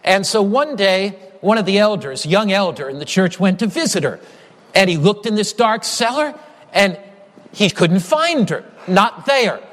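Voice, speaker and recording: High-voiced man preaching a sermon. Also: lively intonation, unhurried, a bit bright, in a large hall. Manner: emphatic, builds through repeated phrases and storytelling.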